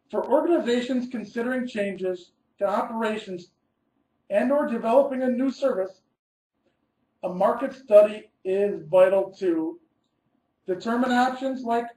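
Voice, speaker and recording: A man's voice: sits high, unhurried, a little mellow, roomy sound, rough recording. A man, an architect, giving a scripted webinar presentation, reading methodically through numbered steps and stressing key words.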